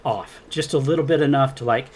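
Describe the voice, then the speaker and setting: A man's voice: mid-range voice, brisk, a little mellow, slightly rough. A man in his fifties telling his story as a guest in a casual interview, acting out quoted dialogue and laughing often. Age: 50s. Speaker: guest, experiencer.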